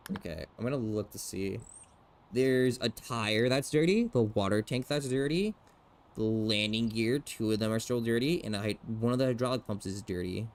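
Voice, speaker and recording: A young man streaming a game, muttering to himself, swearing casually and jumping into squeaky outbursts. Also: moderate pace. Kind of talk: casual gameplay commentary. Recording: steady background hiss.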